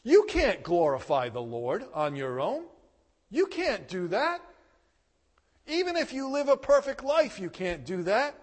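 A man preaching a sermon, telling a personal story with emphatic, animated delivery and loud bursts. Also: sits high, unhurried, big-room sound. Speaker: pastor.

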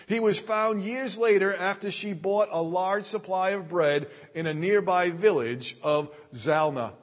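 Male pastor, high register, slow deliberate sermon delivery, echoing hall reverb. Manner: deliberate preaching, reading scripture aloud.

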